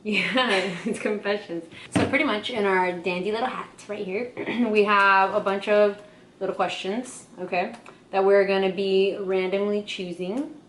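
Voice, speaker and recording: Young woman a bit sick, chatty vlog host, middle pitch, echoey room. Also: fairly even intonation, unhurried, a bit bright, slight background noise. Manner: chatty storyteller, lots of "like" and "okay?". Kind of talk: casual chat.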